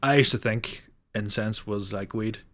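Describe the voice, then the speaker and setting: A man's voice: fairly low pitch, fairly even intonation, measured pace, fairly bright tone. A young man co-hosting a comedy podcast, teasing and swearing freely in casual chat. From Ireland. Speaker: podcast co-host.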